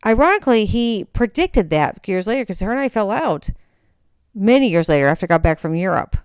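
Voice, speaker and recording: A young woman with a mid-range, clean-toned voice talks a little fast as she hosts a podcast. She recounts a personal story in a storytelling monologue, animatedly acting out the voices of the people in it, on a clean studio recording with no echo.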